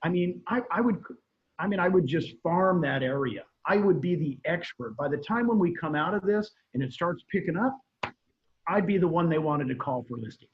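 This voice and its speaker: A man's voice: on the high side, animated, moderate pace. A middle-aged man, a guest real estate trainer, giving emphatic advice on a video call and repeating his key points. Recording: muffled video call audio.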